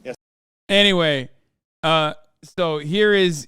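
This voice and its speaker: Male streamer, higher voice, smooth and dry, swearing and rambling. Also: takes it slowly, long pauses, sharp tone, dry recording. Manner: profane, sardonic, rambling. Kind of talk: casual commentary.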